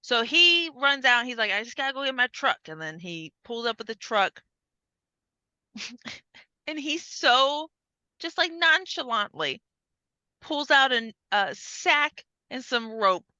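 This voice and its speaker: A woman's voice: fairly high pitch, slow pace, pauses often, dry recording. A woman co-hosting a podcast, chatting casually as she recaps a movie, swearing and acting out the scenes in voices. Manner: animated, profane, acts out scenes in voices. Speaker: podcast co-host.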